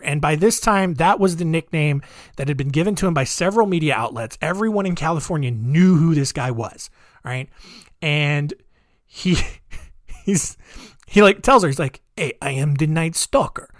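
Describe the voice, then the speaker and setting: A man's voice: on the high side, dry recording, studio quality. A man hosting a podcast, telling a true-crime story in a rambling, jokey way full of asides. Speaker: podcast host.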